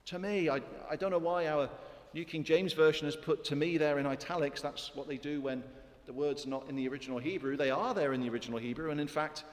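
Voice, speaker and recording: A man's voice: fairly high pitch, fast, in a large hall. A man preaching a sermon in a church, emphatic and full of rhetorical questions to his congregation.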